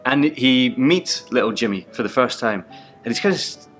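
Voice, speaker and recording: A man's voice: mid-range voice, moderate pace, faint music behind. A young man, an actor and narrator, casually retelling book anecdotes and laughing often. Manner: animated, laughs often, acts out quotes.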